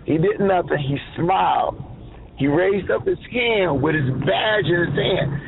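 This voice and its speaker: A man's voice: sits high, a little slow, creaky. A man hosting a talk radio show, telling a story in an easygoing, plain-spoken way. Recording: phone-like band, faint noise.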